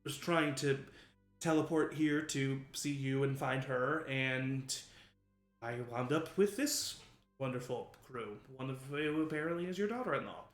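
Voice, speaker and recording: Male GM plays an easygoing, friendly wanderer, mid pitch, roomy sound. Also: unhurried, soft background music, close to an everyday voice.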